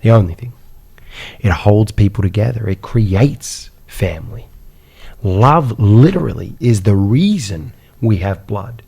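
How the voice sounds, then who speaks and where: A man telling his life story as a podcast guest, animated, with repeated words and rhetorical questions. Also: lowish voice, measured pace, gravelly, breathy edge. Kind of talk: personal storytelling in a podcast interview.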